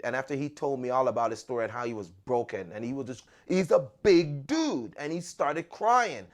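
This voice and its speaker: A man's voice: medium pitch, animated, normal speed. A man hosting a podcast, telling a personal story in an earnest, conversational way and often repeating words as he restarts. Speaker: podcast host.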